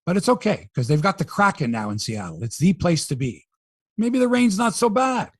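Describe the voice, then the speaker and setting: A man's voice: high voice, very animated, brisk, husky, no echo, clean studio sound. A man hosting a sports podcast, running through scores and riffing jokingly on the headlines in a casual chat.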